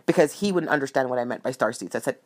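A woman telling a personal story in a casual, animated way, often asking "right?" and "you know?". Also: very deep voice, rapid-fire. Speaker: storyteller sharing a spiritual anecdote.

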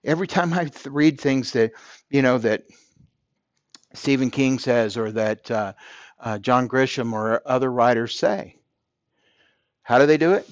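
A man's voice: mid-range voice, a little slow, pauses often, dry recording, muffled recording. A man hosting a podcast, delivering an earnest motivational monologue and repeating phrases for emphasis. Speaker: podcast host.

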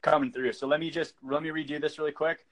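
A man's voice: a little high, steady tone, fast talker, fairly bright tone. An American man hosting a podcast, chatting in a laid-back, rambling way and laughing easily. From United States. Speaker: podcast host. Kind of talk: casual chat.

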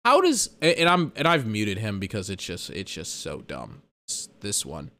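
A man's voice: lowish voice, wildly swooping pitch, moderate pace, fairly bright tone. A man hosting a podcast, ranting about football in an exasperated, sarcastic way with plenty of swearing. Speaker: podcast host. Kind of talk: ranting sports commentary.

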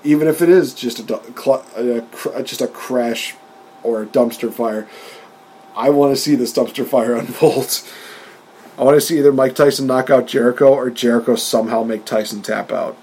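A man co-hosting a wrestling podcast in casual chat, talking with animated energy, laughing often and acting out quotes in a raised voice. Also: medium pitch, moderate pace, a little hiss or hum, low-quality recording. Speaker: podcast co-host.

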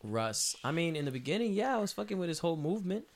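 A man's voice: fairly high pitch, fast. A man from Puerto Rico, a podcast guest, telling stories in casual chat and acting out the people in them. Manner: animated storyteller who acts out other people's voices.

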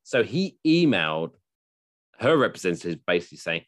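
A man hosting a podcast, chatting casually in a jokey, animated way and swearing freely. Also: lowish voice, moderate pace, no echo, clean studio sound. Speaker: podcast host.

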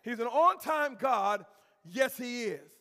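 High-voiced pastor preaching in a reverberant hall. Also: male voice, expressive, slow. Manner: impassioned, swings from low to shouted; call-and-response with congregation. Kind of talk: preached sermon. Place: church sanctuary. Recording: long church-hall reverb.

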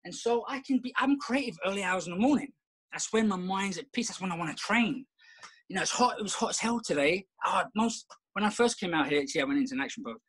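Middle-aged male guest, high voice, loose reflective chat with lots of restarts. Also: expressive, fast talker, fairly bright tone, slightly rough, poor audio. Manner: rambling, reflective, many restarts. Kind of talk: casual conversation.

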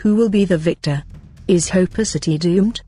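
Husky-voiced woman narrating a story. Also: fairly low pitch, normal speed, dark tone, faint music behind. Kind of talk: reading an amateur sci-fi story.

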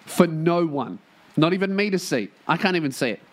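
A man's voice: on the high side, expressive, fairly quick. A man hosting his own podcast, rambling casually and profanely with self-mocking jokes, recorded in a room at a shared workplace. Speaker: podcast host.

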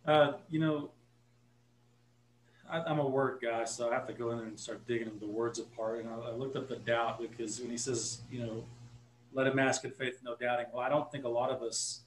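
Earnest Texan pastor in an echoey room. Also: male voice, mid-range voice, fairly even intonation, moderate pace, a little hiss or hum. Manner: earnest storytelling, self-correcting. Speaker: guest pastor. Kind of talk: casual podcast talk.

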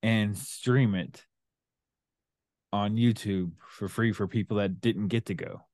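A man's voice: lowish voice, fairly even intonation, slow pace, darkish tone, dry recording, studio quality. A middle-aged man co-hosting a casual father-and-son chat, laid-back and laughing often. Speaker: co-host, father.

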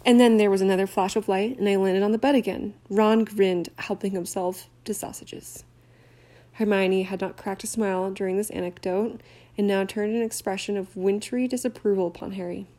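A woman narrating an amateur audiobook reading at a steady pace, with occasional stumbles over words. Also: mid-range voice. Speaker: audiobook reader.

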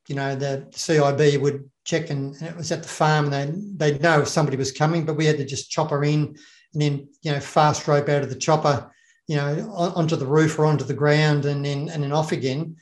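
A man's voice: fairly high pitch, steady tone, moderate pace. A man, a former special operations officer, chatting casually in a rambling way, repeating words and laughing often. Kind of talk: casual conversation. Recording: roomy echo.

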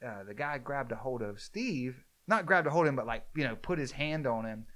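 A man spins a story among friends in relaxed chat. He acts out every quoted line, swinging his voice up and down. The flow is loose and full of fillers. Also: medium pitch, a little fast.

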